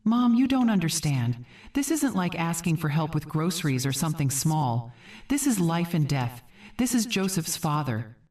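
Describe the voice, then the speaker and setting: A woman voicing a desperate adult daughter who pleads and begs, turning sharp. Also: low-pitched, big pitch swings, moderate pace, far from the mic. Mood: pleading. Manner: pleading, tearful, rising to sharp.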